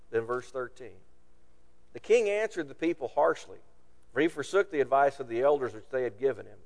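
A man's voice: medium pitch, animated, normal speed, long reverb tail. A man preaching a sermon, reading scripture aloud and retelling it in plain everyday words.

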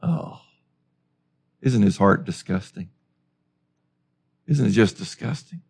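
Gravelly-voiced man preaching. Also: lowish voice, expressive, slow pace, darkish tone. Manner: emphatic, with rhetorical questions. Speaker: pastor. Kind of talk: sermon.

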